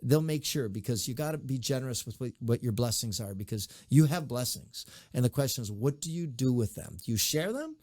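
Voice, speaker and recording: Middle-aged male guest, mid-pitch, animated raconteur, dry studio sound. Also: fairly quick, few pauses, no echo. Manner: animated storyteller, acts out quoted voices. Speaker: mayor, interview guest. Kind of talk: conversational interview advice and storytelling.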